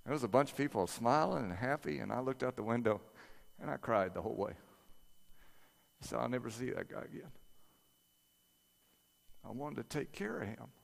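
A male preacher tells a personal story in a relaxed, conversational sermon. He drops in quick impressions of his family along the way. His mid-range voice carries a long hall echo. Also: mid-range voice, vocal fry.

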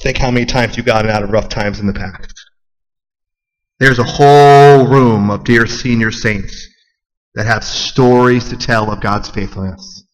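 A young adult man preaching a sermon, swinging between hushed and loud, high-pitched moments. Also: steady tone, a little slow. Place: large church hall. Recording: long hall reverb.

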